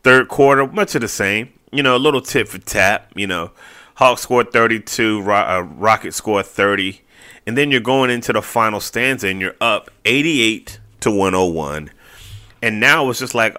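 Male podcast host, lowish voice with a bright edge, loose animated fan chat. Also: moderate pace. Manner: animated, conversational, lots of fillers. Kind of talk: casual solo sports podcast.

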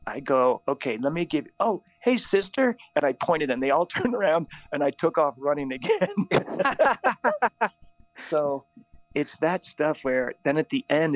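Middle-aged man, a priest, chatty, animated storyteller; dry, muffled recording. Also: medium pitch, moderate pace, no echo. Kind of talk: storytelling in conversation. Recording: dull, dry lo-fi sound.

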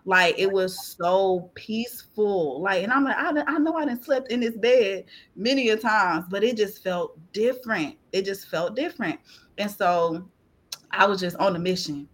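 A woman guest on a podcast, sharing a personal faith testimony in an animated, laughing, tearful storytelling way. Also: medium pitch, moderate pace. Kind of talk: testimony in casual chat.

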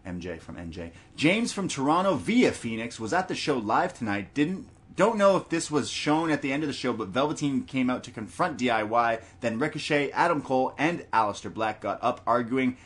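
A man's voice: mid-range voice, lively intonation, moderate pace, few pauses, a bit bright. A man co-hosting a podcast in casual chat, reading listener messages aloud and laughing often. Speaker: podcast co-host.

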